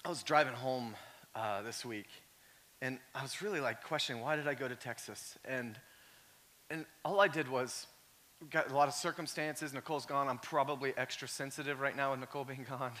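A male pastor preaching a sermon in a conversational way, full of "like" fillers, moving from quiet storytelling up to shouting. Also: medium pitch, brisk.

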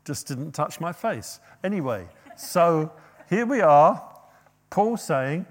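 A man preaching a sermon, rising to loud, emphatic quoted passages and dropping to quiet asides. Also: fairly high pitch, animated, slow.

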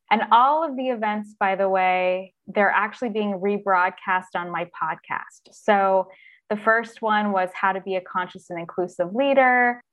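A woman talks as an interview guest, earnest and expressive, and now and then she acts out inner voices. She speaks at an everyday middle pitch. She sounds like an experienced coach explaining her ideas. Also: highs cut off. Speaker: author and executive coach, podcast guest. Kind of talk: conversational interview.

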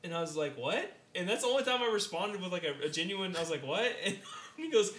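A man's voice: high-pitched, fairly quick. Rambling young man, echoey room. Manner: rambling, animated, acts out quotes. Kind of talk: casual storytelling chat.

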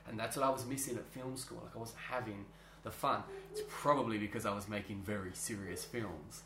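A man, a drama teacher, chatting as an interview guest. He tells stories in an animated way, laughs often and restarts his sentences. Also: fairly low pitch, a little fast, slight background noise. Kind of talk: casual interview chat. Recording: roomy echo.

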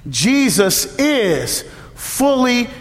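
A deacon in his fifties gives a humorous, story-driven parish mission talk in a church, his voice extremely high-pitched and his pace extremely slow. He tells stories with lively humor and acts out the dialogue. A long church reverb fills the recording.

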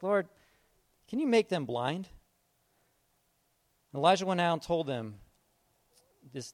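Animated, high-voiced male pastor preaching. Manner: casual, animated, acts out Bible figures in quick asides. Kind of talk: sermon.

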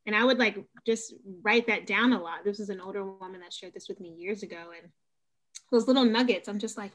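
A woman who is a guest on a casual faith podcast, telling animated stories full of "like" and "you know". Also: medium pitch, a little fast, rough recording. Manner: animated storytelling, many fillers.

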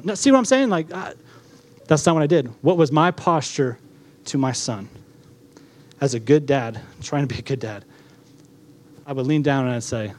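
A man preaching a sermon as pastor, conversational and animated, acting out quotes in different voices. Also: medium pitch, brisk.

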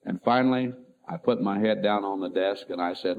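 A middle-aged man, a pastor, telling an emotional personal story in a sermon, swinging between loud and soft. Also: on the low side, normal speed, slight background noise. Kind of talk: sermon testimony. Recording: tinny phone-like lo-fi recording.

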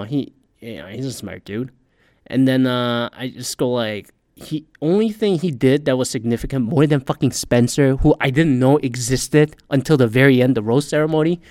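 A man riffs on a reality show in a loose, heated, profanity-laced ramble and keeps circling back on his own sentences. His voice sits at an ordinary middle pitch. The recording is close and dry, with no room sound. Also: no room sound. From Korean American. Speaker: podcast host. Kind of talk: casual ranting commentary.

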